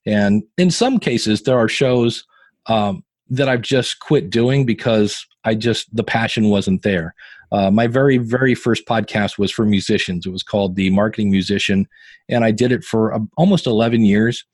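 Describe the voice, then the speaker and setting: A man's voice: fairly low pitch, moderate pace, no echo. Chatty man in his fifties, dry sound. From Northeast Ohio. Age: 50s. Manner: chatty storyteller, animated quoting of others. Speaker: podcaster and guitarist guest. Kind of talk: casual interview chat.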